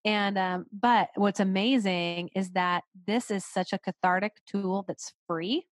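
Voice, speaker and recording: A woman's voice: medium pitch, steady tone, a little slow, dry recording. A woman guest on a podcast, talking in an earnest, encouraging way and repeating phrases for emphasis. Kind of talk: casual conversation.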